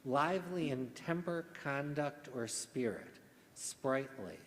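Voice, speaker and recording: Slow, deliberate man in an echoey hall. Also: medium pitch, lively intonation, slight background noise. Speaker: spelling bee pronouncer. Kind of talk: formal reading of words and definitions.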